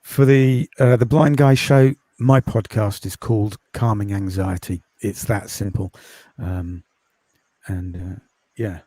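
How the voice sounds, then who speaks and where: A man from the UK, a podcast host and course creator, chatting in a quiet, calming voice with many ums in a casual interview over a video call. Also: lowish voice, slow pace, no echo. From United Kingdom.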